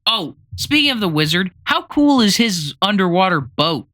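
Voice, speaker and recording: A man co-hosting a casual film podcast, animated and teasing, swearing freely. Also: high voice, normal speed. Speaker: podcast co-host.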